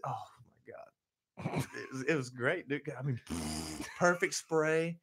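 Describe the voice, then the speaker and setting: A young adult man hosting a podcast, telling a crude story with animated, profane energy and frequent laughter. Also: medium pitch, slow pace, husky. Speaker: podcast host. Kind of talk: casual storytelling.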